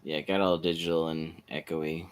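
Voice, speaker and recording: A man's voice: very deep voice, flat delivery, normal speed, very noisy. A man co-hosting a livestream, talking casually and cracking jokes. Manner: joking, talkative. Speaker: co-host.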